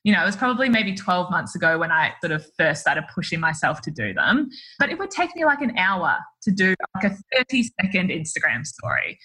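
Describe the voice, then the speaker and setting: A woman's voice: on the low side, sing-song, fairly quick, pushed and bright. A woman, a photographer who is a guest on a podcast, talking candidly with lots of "like" and "you know". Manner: candid, self-deprecating, many fillers. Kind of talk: casual interview chat.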